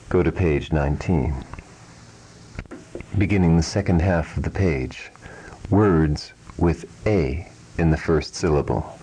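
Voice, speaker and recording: Slow, low-voiced man teaching pronunciation. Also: mellow, husky, rough recording. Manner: measured, precise, repeats each sound twice. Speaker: language teacher. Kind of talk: slow, deliberate pronunciation lesson.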